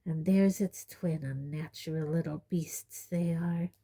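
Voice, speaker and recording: A woman voicing a very old, bitter male house elf who mutters hoarsely and spitefully under his breath in a storybook reading. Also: low voice, steady tone, a little slow, mellow, heavily acted. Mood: muttering bitterly. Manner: spiteful grumbling asides, mock-humble. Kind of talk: audiobook reading.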